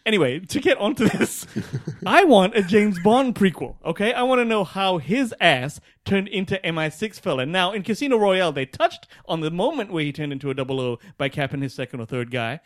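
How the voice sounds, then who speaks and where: A man in his forties co-hosting a casual podcast chat, swearing freely and breaking into loud laughs. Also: sits high, expressive, fairly quick, few pauses. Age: 40s. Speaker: podcast co-host.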